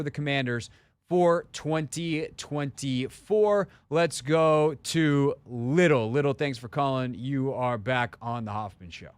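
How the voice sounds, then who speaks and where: A man's voice: medium pitch, smooth, no room sound. A man hosting a sports talk radio show, chatty and opinionated, often cutting in, speaking into a studio microphone. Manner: chatty, opinionated, quick to interject.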